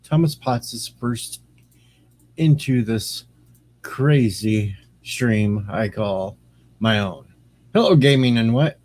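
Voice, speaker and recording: Streamer, male, relaxed dark tone, loose rambling chat that greets viewers. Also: medium pitch, slow, pauses often. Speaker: streamer and radio host. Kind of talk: casual livestream chat.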